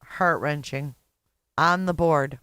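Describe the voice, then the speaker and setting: A woman's voice: low-pitched, slow pace, fairly bright tone, clean tone, no echo, studio quality. A middle-aged woman hosting a reaction video, blunt and sarcastic, swearing freely as she comments. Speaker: YouTube host reacting to a clip.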